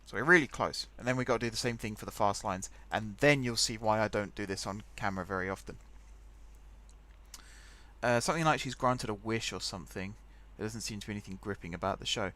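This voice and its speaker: A man's voice: on the low side, fairly quick, sharp tone. A young man hosting a game let's play, rambling chattily and thinking aloud as he types. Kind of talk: casual gameplay commentary.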